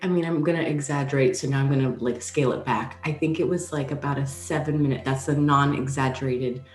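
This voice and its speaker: A woman with a low voice tells a story in relaxed podcast chat, animated and quick to laugh. Her voice sounds a little roomy, with faint music under it. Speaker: podcast co-host. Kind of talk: casual chat.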